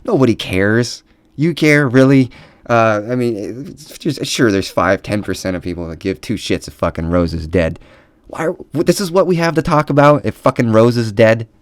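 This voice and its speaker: A man's voice: mid-range voice, moderate pace, no room sound. A man ranting angrily about a film, swearing often and mocking in a sarcastic tone. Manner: profane, heated, sarcastic. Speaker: movie ranter. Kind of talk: angry profane rant.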